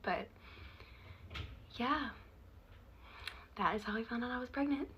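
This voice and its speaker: A woman's voice: fairly high pitch, unhurried, lo-fi sound, noisy background. A young woman casually telling a personal story, chatty and laughing often.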